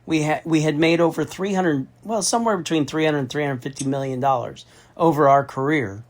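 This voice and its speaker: A man's voice: fairly high pitch, fairly quick. Profane, emphatic middle-aged man telling a story. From Austin, Texas. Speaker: federal contracting consultant. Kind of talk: storytelling in a phone conversation.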